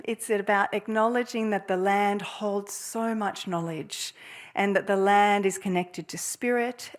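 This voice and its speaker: A middle-aged woman with an Australian accent gives a public lecture as a music therapy professor. She speaks in an earnest, reflective way and laughs lightly between thoughts. Her voice sits at an ordinary middle pitch.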